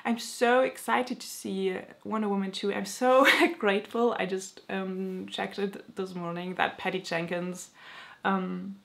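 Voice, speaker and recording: Young woman vlogging, gravelly voice, rambly and excited, tons of filler words. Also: mid-range voice, unhurried. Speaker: book vlogger. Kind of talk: casual chat.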